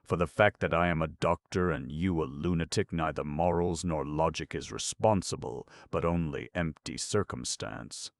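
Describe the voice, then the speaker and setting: Brief: gentle, reasoning male doctor read by a man, very low and gravelly. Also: normal speed, few pauses, no echo. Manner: calm, reasoning, apologetic. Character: mild, resigned middle-aged male doctor.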